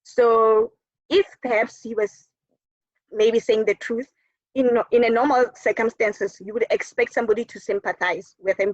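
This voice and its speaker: A woman's voice: on the high side, fairly even intonation, moderate pace, no room sound. A woman teacher with a South African English accent giving a recorded lesson, emphatic, repeating words for stress and answering her own questions. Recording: dull, dry lo-fi recording.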